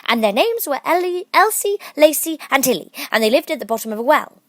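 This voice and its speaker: A woman voicing a sleepy, sulky little male dormouse with a hoarse, feeble, high voice. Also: sing-song, brisk, fairly bright tone, dry recording. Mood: drowsy sulky.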